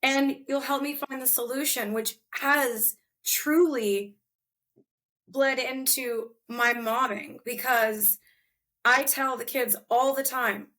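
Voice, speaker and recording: A woman hosting a podcast in casual chat, animated and heartfelt, laughing often as she talks. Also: high-pitched, unhurried. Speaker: podcast host.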